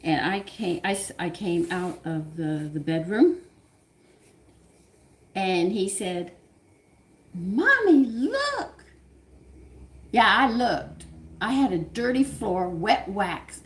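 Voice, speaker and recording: An older woman with a Southern US accent, a cooking channel host, telling a home story in casual, animated talk and laughing often. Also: medium pitch. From American South. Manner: animated, laughs often, swings loud and quiet.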